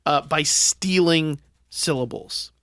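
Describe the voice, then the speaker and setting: A man co-hosting a comedy podcast, spinning a made-up history lesson with deadpan, mock-scholarly delivery and lots of ums. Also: fairly high pitch, takes it slowly, dry recording, clean studio sound. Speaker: podcast co-host. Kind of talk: casual banter, tall-tale explanation.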